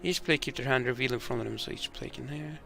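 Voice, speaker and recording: A man playing a board game alone, reading the rules and story cards aloud and thinking out loud with hesitant restarts. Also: mid-range voice, fast, vocal fry, soft background music. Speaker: board game player demonstrating a game.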